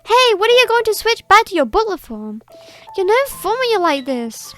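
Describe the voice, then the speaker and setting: A woman's voice: very high-pitched, sing-song, moderate pace, a bit bright, soft background music, pitched above the performer's own voice, heavily acted. A woman voicing a cheerful, morbid immortal young girl, reading video game dialogue in a sweet, teasing manner. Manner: sweet, teasing, unbothered by death.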